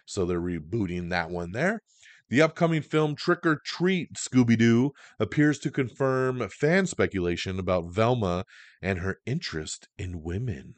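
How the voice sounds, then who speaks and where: A man with a fairly low voice hosts a podcast and chats through the week's entertainment news. He is casual and slangy, and often gets excited. The sound is dry and close to the mic. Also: unhurried, no echo. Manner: enthusiastic, slangy, chatty. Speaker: podcast host.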